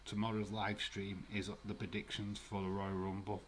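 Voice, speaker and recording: A young man with a somewhat low voice hosts a live stream. He talks loosely and chattily, swears freely, and laughs while answering his viewers. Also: monotone, moderate pace, fairly bright tone. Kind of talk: casual live watch-along commentary.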